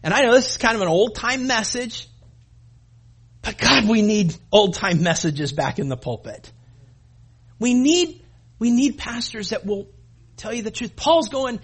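A man's voice: very high-pitched, normal speed. A man preaching a sermon as a pastor, speaking emphatically, building intensity and addressing the congregation directly. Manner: calls the congregation "gang", acts out voices.

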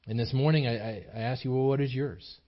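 Through dull audio comes a mid-range voice, moving a little fast. The pastor of a small church is preaching, and his emphatic, earnest sermon builds through repetition and many restarts.

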